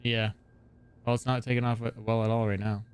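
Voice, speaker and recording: A man hosting a live gaming stream, chatting casually and excitably, with strong opinions. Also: mid-range voice, brisk, a little hiss or hum. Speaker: livestream host.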